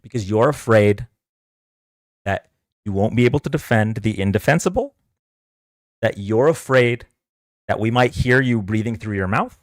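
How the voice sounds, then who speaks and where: A man's voice: on the low side, moderate pace, long pauses, dry recording. A man hosting a livestream political debate, ranting in a combative, sarcastic way and taunting his viewers to come on and argue. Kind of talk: heated livestream political rant.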